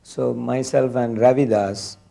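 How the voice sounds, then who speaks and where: A man slowly recounting a memory in an interview, with deliberate pauses. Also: mid-range voice, steady tone, gravelly, warm tone. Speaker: devotee sharing memories. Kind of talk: slow storytelling interview.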